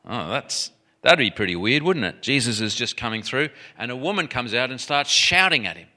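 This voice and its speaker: A man preaching a sermon in an animated, emphatic way, often restarting his sentences. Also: mid-range voice, normal speed.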